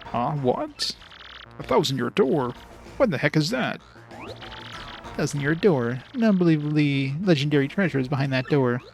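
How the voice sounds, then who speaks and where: A man's voice: fairly high pitch, lively intonation, moderate pace, vocal fry, soft background music. A man voicing a boastful, blustering villainous turtle king from a video game. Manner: blustering, gloating.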